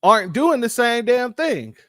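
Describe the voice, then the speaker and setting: A man's voice: very high voice, big pitch swings, a little slow, fairly bright tone, dry recording, clean studio sound. A man hosting a casual political commentary show, emphatic and talking straight to his viewers as family.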